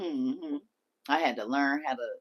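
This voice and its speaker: Unhurried and very deep-voiced, a middle-aged woman runs a livestream where she reads viewers' comments and replies to them. She's lively throughout, with frequent bursts of laughter.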